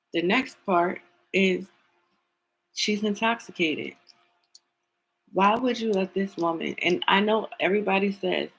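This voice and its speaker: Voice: mid-range voice, gravelly, fairly bright tone, low-quality recording. A tarot reader giving an opinionated commentary, talking emphatically, repeating words for stress and asking pointed rhetorical questions.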